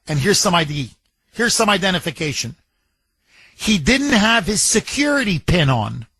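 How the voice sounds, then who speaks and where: A man's voice: high-pitched, husky, no room sound. A man hosting a political talk radio show, talking emphatically, repeating phrases and retelling events. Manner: emphatic, repetitive, animated retelling with quoted voices.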